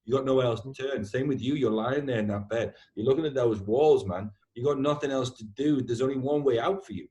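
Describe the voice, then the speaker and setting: A man hosting a podcast in easygoing, heartfelt conversation. He talks with animated energy and swears freely, often tagging his sentences with "man". His pitch sits in the middle for a man. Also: fairly quick, hardly any pauses. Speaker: podcast host. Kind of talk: casual heartfelt chat.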